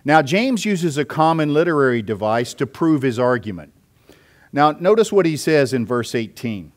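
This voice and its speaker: A male pastor delivers an expository sermon at a middle pitch. He explains scripture point by point, pausing now and then on small fillers as he lays out his argument. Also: big pitch swings.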